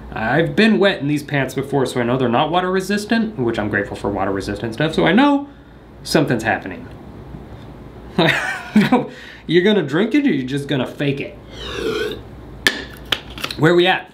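A man's voice: fairly high pitch, slight background noise. Goofy rambling man. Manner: goofy, joking, talks to the camera. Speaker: vlogger. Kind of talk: rambling comedic monologue.

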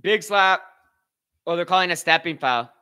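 A young man hosting a live watch party, commentating on slap fights with excitable, profane banter and shoutouts to his chat. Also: sits high, normal speed, clean tone. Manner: excitable, swears a lot, talks to chat. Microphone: headphones with mic.

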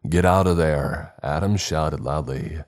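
A man's voice: extremely low pitch, fairly even intonation, normal speed, darkish tone. A man voicing a stern male spaceship captain who gives curt commands. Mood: urgent.

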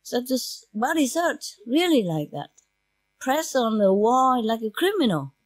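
A woman's voice: on the high side, sing-song, measured pace, no room sound. A woman speaking as a spiritual teacher to her disciples in an informal lecture, chatty and humorous, in non-native English with simple grammar. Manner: chatty and humorous, laughing between asides. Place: meditation centre lecture.

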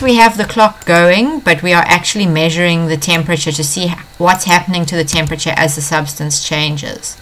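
A woman's voice: lowish voice, a bit bright. A woman science teacher walking students through an exam question, patiently explaining and repeating the key points. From South Africa. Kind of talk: exam paper walkthrough lesson.

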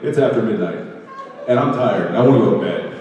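A man who is an actor guest on a convention panel, telling a humorous anecdote to a live audience. He tells it in an animated way, laughing and often repeating phrases. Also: on the low side, fast, lo-fi sound. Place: large convention hall stage. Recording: echoey hall audio from far off.

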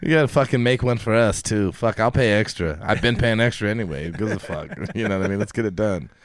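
A man's voice: lowish voice, quick pace, dry recording, studio quality. A man co-hosting a podcast in casual chat, telling stories with lots of swearing and laughter and acting out what people said. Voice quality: swearing, laughing storyteller who acts out quotes. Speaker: podcast co-host.

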